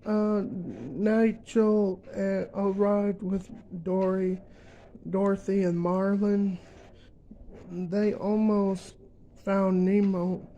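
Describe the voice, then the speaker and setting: A young man ranting in a vlog, emphatic and repetitive, filling pauses with uh and um. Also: sits high, steady tone, dark tone, dull audio, a little hiss or hum. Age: young adult. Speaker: vlogger.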